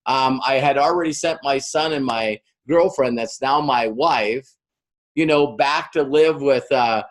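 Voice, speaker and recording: A man's voice: mid-range voice, unhurried. A middle-aged man giving a motivational business training talk, telling stories and acting out the quoted voices. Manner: storytelling, acts out quoted voices.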